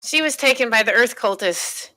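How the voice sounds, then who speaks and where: A woman's voice: a little high, expressive, moderate pace, pushed and bright. A woman playing a tabletop game, talking eagerly and emphatically. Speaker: player. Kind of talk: casual game chat.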